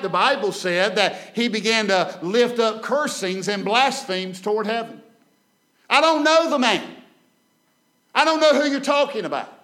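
A male preacher delivers a sermon from a church pulpit. His voice sits high for a man. He swings from loud, ringing lines to hushed ones, doubles up phrases and calls on the congregation to answer. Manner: dramatic rises and drops in volume, repeats phrases, calls for amen. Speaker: guest preacher. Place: church sanctuary.

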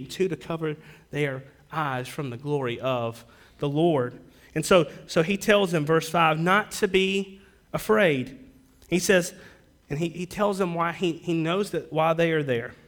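A man delivering a Sunday sermon, his voice sitting a little high for a man. He preaches earnestly, pressing points with rising emphasis and then dropping to hushed, quiet lines. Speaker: pastor.

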